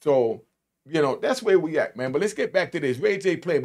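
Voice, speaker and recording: A man giving casual reaction commentary on played clips, with a blunt, emphatic streetwise way of talking and drawn-out stresses. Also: fairly high pitch, animated.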